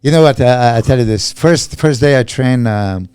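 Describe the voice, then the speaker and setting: A man co-hosting a casual podcast chat as a bodybuilding coach, talking haltingly with many restarts and fillers. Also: medium pitch, darkish tone, smooth, no echo.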